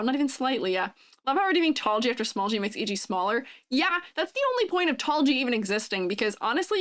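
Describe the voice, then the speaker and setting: A woman in her twenties chatting casually on a live stream, bubbly and giggly as she reads and answers chat. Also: on the high side. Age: 20s. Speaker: vtuber streamer.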